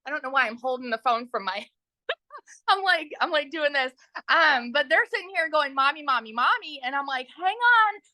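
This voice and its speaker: A chatty woman in her thirties, speaking high and bright, with a sharp, forward tone. She tells her story in a loose, excited way and keeps turning to speak to the viewers. The sound is dry and close. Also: no echo. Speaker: guest sharing her story. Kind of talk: casual livestream interview.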